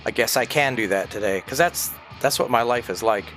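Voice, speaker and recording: A man's voice: mid-range voice, fairly quick, a bit bright, soft background music. Rambling man spinning a story. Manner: rambling, conspiratorial storyteller who swears freely. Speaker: streamer. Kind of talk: casual livestream storytelling while gaming.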